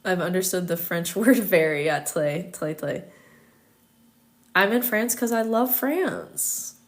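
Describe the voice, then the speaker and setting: Young American woman, casual livestream host, somewhat low voice, chatty and filler-heavy, laughs easily. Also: animated, takes it slowly. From United States.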